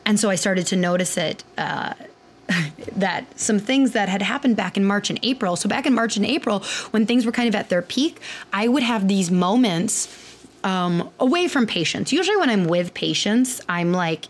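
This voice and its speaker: A woman hosting a podcast, talking candidly in a rambling, casual monologue full of fillers and the odd swear word. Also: mid-range voice. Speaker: podcast host and clinician.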